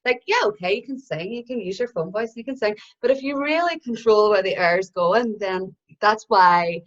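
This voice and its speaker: A woman's voice: medium pitch, normal speed, fairly bright tone. A woman with an Irish accent hosting a singing workshop over a video call, chatting and explaining with everyday examples. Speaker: workshop host. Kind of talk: casual teaching chat. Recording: slightly dull call audio.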